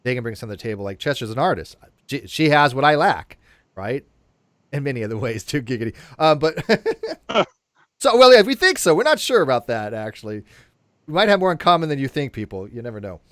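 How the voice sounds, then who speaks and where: A man hosting a casual panel chat, animated, often repeating himself and restarting his sentences. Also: mid-range voice, brisk, no room sound, clean studio sound. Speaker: show host.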